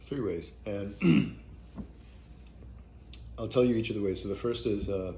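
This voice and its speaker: A man talking casually and thoughtfully as a parenting teacher, halting often with fillers and restarts. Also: lowish voice, dark tone, a little hiss or hum. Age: adult parent. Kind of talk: casual spoken reflection.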